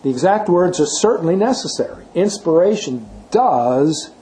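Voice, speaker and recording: A man's voice: high-pitched, lively intonation, normal speed, warm tone, rough recording. A man giving a classroom lecture on language and the Bible, explaining patiently, leaning hard on key words and asking rhetorical questions. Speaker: Bible teacher.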